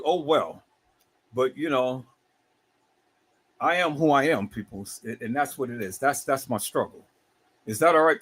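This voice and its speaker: A middle-aged man hosting a livestream, talking in an animated, preachy way with many repeated words. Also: fairly high pitch, breathy edge. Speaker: livestream host.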